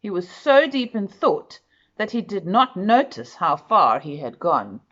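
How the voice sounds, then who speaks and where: A woman reading a children's picture book aloud, expressive and speaking directly to the listener. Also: mid-range voice, unhurried, muffled recording. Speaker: storyteller.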